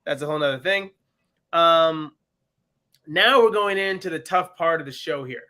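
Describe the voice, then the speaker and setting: A man co-hosting a podcast, recapping a TV episode in casual, animated chat and slipping into voices for the characters. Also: fairly high pitch, moderate pace. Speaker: podcast co-host.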